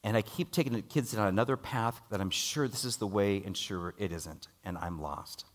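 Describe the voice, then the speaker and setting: A middle-aged man preaching a sermon and telling a personal story, rising loud for dialogue and dropping low and quiet for worry. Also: normal speed.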